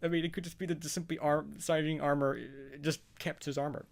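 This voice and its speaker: A man's voice: on the high side, level tone, brisk, gravelly. A man casually talking through his thoughts on a cartoon episode, rambling and hesitant, with frequent chuckles. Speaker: show reaction vlogger. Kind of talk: casual spoken commentary.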